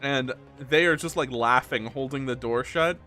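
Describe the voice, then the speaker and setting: A man's voice: medium pitch, moderate pace, sharp tone, soft background music. A young man streaming a game, chatting casually and telling a rambling story with frequent laughter. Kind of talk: casual let's-play chat.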